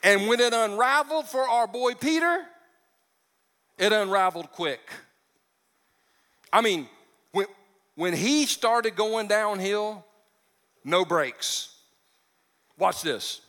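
A male pastor delivering a lively sermon with a high, bright voice that keeps breaking into jokes. His words carry a long reverb, as if spoken in a large church sanctuary. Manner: animated, joking asides, acts out quotes.

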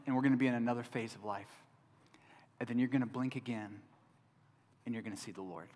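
Middle-aged guy preaching a sermon, repeats lines for emphasis, mid-pitched, big church echo. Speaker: pastor. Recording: long reverb of a large hall.

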